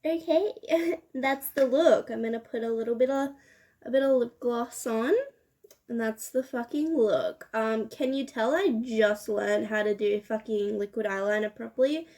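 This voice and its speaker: A young beauty vlogger chats casually through a get-ready-with-me session while doing her makeup, laughing and swearing often. Her voice is fairly high with a darkish tone, and she speaks at a normal speed.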